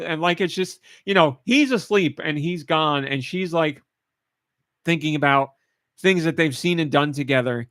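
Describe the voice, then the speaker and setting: A podcast host with a slightly high, fairly bright voice talks at a moderate pace in a casual chat, recorded dry with clean studio sound. He gushes with emotion, getting choked up and tearful, laughing even as his voice catches.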